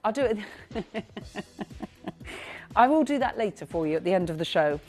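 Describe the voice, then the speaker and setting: Woman, TV shopping presenter, chatty, gushing, slight throat clearing, faint music. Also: mid-range voice, animated, moderate pace, darkish tone. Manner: chatty, gushing, reads out buyers' names. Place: TV studio.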